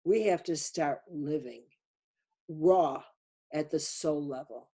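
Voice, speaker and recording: Older woman, spiritual lecturer, insistent and repetitive, low husky voice. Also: slow pace, warm tone. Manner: emphatic, insistent, repeats key words. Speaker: speaker on a webinar. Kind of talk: spiritual teaching talk.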